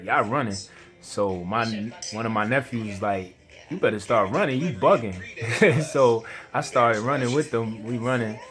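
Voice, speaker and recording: Slangy New man telling a story. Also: on the low side. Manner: slangy, rambling, chuckling. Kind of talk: casual storytelling. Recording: music playing behind.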